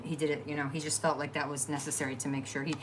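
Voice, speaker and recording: A woman's voice: sits low, level tone, rapid-fire, a little hiss or hum. A middle-aged woman hosting a crafting livestream at home, rambling and chatty as she talks to viewers and trails off with fillers. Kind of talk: casual chat to live viewers.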